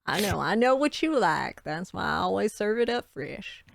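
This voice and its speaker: A woman's voice: medium pitch, very animated, moderate pace, gravelly, no echo. A woman voicing a motherly innkeeper who talks in a folksy, doting way. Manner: folksy, doting, calls people hon. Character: motherly middle-aged innkeeper woman, homey.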